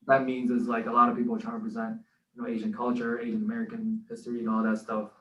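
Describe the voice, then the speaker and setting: A man's voice: medium pitch, completely flat delivery, quick pace, a bit bright, recorded from a distance. A man co-hosting a podcast who recites his own spoken word poem in an earnest, rhythmic way. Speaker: co-host and spoken word poet. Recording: echoey room, off-mic.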